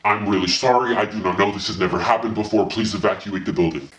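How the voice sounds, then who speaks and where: A man voicing a stern young theater worker ordering people out, in a lower, firm and formal tone. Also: fast, fairly bright tone, roomy sound, recorded from a distance, lightly acted, poor audio.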